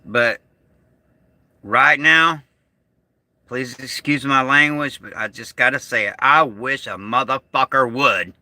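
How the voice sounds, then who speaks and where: A middle-aged American man speaks slowly and haltingly, pausing often and letting sentences trail off. He sounds upset, fighting to keep his anger down. His voice is bright and sharp, and the recording is dry with no room echo. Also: medium pitch. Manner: agitated, slow and halting, trailing off. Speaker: vlogger. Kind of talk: emotional vlog monologue.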